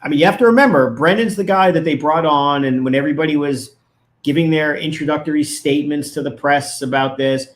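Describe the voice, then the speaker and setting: A man's voice: on the high side, fairly quick. A man, a lawyer, giving legal analysis as a guest in a casual interview, arguing his points emphatically and with indignation.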